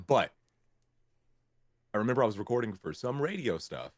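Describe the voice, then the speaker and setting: Guy from memphis, voice actor, super animated, bounces all over in pitch, dry close sound. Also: moderate pace, dry recording. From Memphis, Tennessee. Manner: animated storyteller, acts out clients' lines. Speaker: voice actor guest. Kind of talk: casual interview chat.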